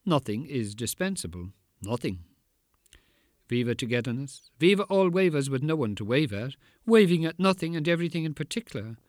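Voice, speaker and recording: A man giving a poetry reading in a rhythmic, incantatory way, pausing for effect. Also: a little high, big pitch swings, darkish tone, no room sound, clean studio sound. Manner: rhythmic, incantatory delivery with dramatic pauses. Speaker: poet.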